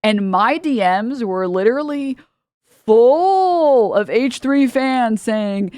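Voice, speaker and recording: A woman's voice: a little high, lively intonation, slow pace, a little mellow, no room sound, clean studio sound. A young woman from the United States, a streamer giving heated, sarcastic political commentary and laughing between points.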